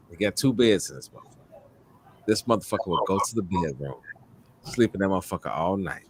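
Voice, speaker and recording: A man with a low, heavy voice hosts a casual chat show. He tells his stories in a loose, profane and animated way. It sounds like relaxed talk among friends. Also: a little hiss or hum. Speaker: host.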